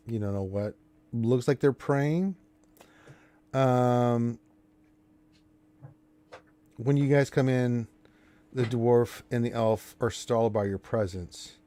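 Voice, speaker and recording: A man's voice: mid-range voice, slow, long pauses, warm tone, dry recording. A man running a tabletop game as game master, describing scenes with frequent restarts. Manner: descriptive, restarts mid-sentence.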